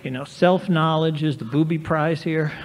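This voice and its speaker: A man in his sixties, his voice fairly high and his pace moderate, tells stories with wry, self-mocking humor as a speaker at a recovery meeting. It was captured in a large convention hall on reverberant 1990s tape with a faint hiss.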